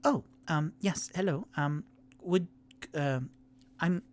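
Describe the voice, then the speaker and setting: A man's voice: on the high side, takes it slowly, voice pushed up. A man voicing a flustered, overly polite young man who stammers in a formal, nervous way in a tabletop role-playing game.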